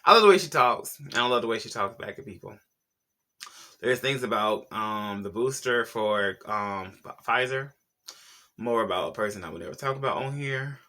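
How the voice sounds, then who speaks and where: A man's voice: fairly low pitch, normal speed, bright, forceful tone. A man hosting a casual celebrity gossip vlog, sassy and slangy, talking straight to his viewers. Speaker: YouTube pop culture host.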